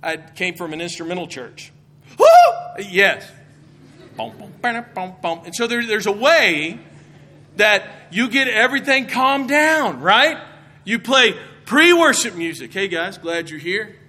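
A man's voice: high voice, animated, unhurried, bright, forceful tone. A middle-aged man, a Bible professor, giving a humorous chapel talk from the stage, telling stories and acting out the voices of people he quotes.

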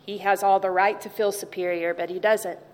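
A woman giving a gentle, reflective devotional chapel talk, repeating her key words. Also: mid-range voice, little pitch movement, fairly quick, big-room sound. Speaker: chapel speaker.

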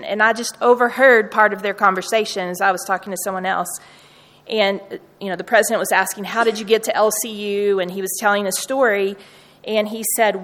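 A woman shares heartfelt personal stories with a room of students, speaking in an earnest, warm-hearted storytelling way. Her voice sits at an ordinary middle pitch and rings with a long reverb, as though she is addressing a large hall. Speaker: university staff speaker.

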